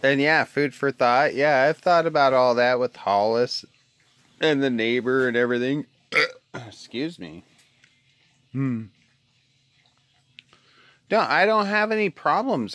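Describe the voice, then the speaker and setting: A man's voice: on the high side, measured pace, long pauses, a bit bright, dry recording. A man from Alaska venting to his wife in a phone video message, heated, swearing constantly and repeating himself. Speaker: husband sending a video message. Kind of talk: profane venting rant.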